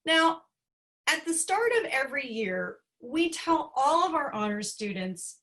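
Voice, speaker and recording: A woman's voice: high voice, very animated, a little slow, a bit bright. Playful woman presenting awards. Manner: dry, playful delivery of jokes. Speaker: faculty presenter of student awards. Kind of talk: humorous award presentation speech.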